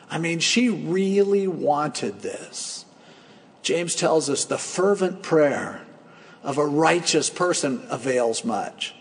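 A man's voice: high-pitched, vocal fry, in a large hall. A male pastor preaching a sermon in a conversational, storytelling way, acting out quotes as he goes.

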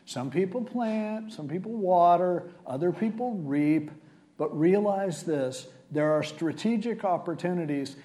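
A man's voice: on the high side, measured pace, mellow. A male preacher giving a sermon, retelling scripture in a casual, conversational way.

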